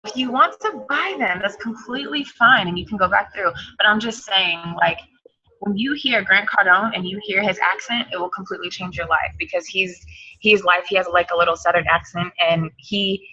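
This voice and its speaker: A woman's voice: medium pitch, moderate pace, pushed and bright, husky, highs cut off. Hyped woman coaching her team. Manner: hyped, emphatic, repeats points. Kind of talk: motivational team call.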